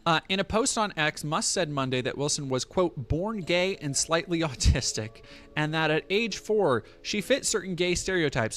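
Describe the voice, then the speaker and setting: A man's voice: on the high side, a bit bright. A man streaming, reading a news article aloud and breaking off with profane, sarcastic comments.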